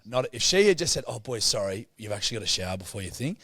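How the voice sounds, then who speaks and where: This is a man co-hosting a casual podcast, his voice sitting at an everyday middle pitch but leaping around a lot as he tells his story. He swears constantly and slips into the voices of the people he is talking about. The sound is dry and close, with no room around it. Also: fast talker, dry recording. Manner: sweary, animated storyteller who acts out the people in his tales. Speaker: podcast co-host.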